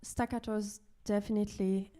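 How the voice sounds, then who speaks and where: Woman, student composer, mellow dark voice, tentative, talking through her score. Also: mid-range voice, level tone, normal speed. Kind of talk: answering a teacher at a rehearsal.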